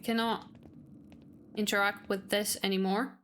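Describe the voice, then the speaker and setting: A woman's voice: mid-range voice, flat delivery, unhurried, fairly bright tone, slight background noise. A woman gaming streamer chatting casually and joking while she plays. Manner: chatty, joking, laughs often. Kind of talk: casual let's-play commentary.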